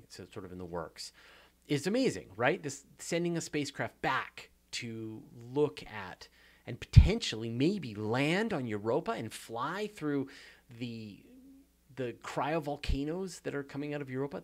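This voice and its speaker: A Canadian man hosting a casual viewer Q&A, chatty and self-deprecating, with many fillers and restarts. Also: mid-range voice. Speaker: show host answering viewer questions. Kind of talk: casual live Q&A chat.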